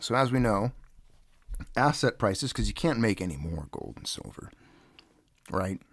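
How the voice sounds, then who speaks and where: A man's voice: lowish voice, big pitch swings, unhurried, no echo. A man hosting a casual livestream, rambling and greeting viewers by name, sounding stuffed up from nasal congestion. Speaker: livestream host.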